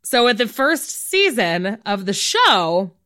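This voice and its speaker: A woman's voice: mid-range voice, big pitch swings, slow pace, bright, forceful tone. A woman co-hosting a casual movie recap chat, giggly and chatty, with lots of "like". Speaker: podcast co-host.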